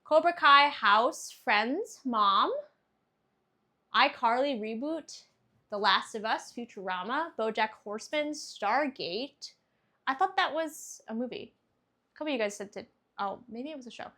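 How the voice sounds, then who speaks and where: A woman's voice: a little high, animated, a little slow, bright, forceful tone. A young woman chatting casually on a stream, reading viewer answers aloud, laughing often and swearing freely.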